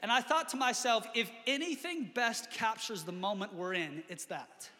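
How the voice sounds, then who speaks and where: A man's voice: sits high, moderate pace, bright, forceful tone, in a large hall. A man preaching a sermon as pastor, earnest, often restarting with repeated words. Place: church.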